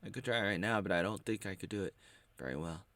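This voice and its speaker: A man talking to camera in a casual, rambling monologue, halting and full of playful wordplay. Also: deep voice, fairly bright tone, dry recording. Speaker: vlogger.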